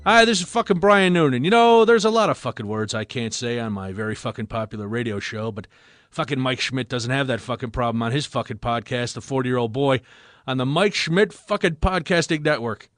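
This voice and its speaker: A man's voice: mid-range voice, a bit bright, no room sound, studio quality. Man firing off a profane promo. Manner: fast, relentless swearing. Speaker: radio host in a promo.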